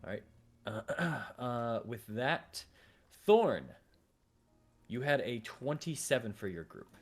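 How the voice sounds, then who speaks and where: A man's voice: medium pitch, measured pace, fairly bright tone, soft background music. A man running a tabletop game as game master, narrating in a rambling, self-correcting way with many fillers.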